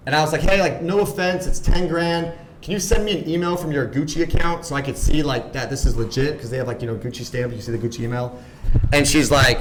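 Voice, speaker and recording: A man in his thirties telling a story on a podcast as a guest, animated and full of "like", acting out the voices of people he quotes. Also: on the high side, quick pace, reverberant, a little hiss or hum. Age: 30s. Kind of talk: casual storytelling chat.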